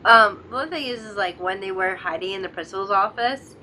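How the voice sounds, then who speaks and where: A woman's voice: mid-range voice, brisk, sharp tone, slight background noise. A young woman co-hosting a casual drama discussion, chatty and giggly, acting out scenes in quoted voices. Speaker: co-host of a drama discussion channel. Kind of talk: casual chat.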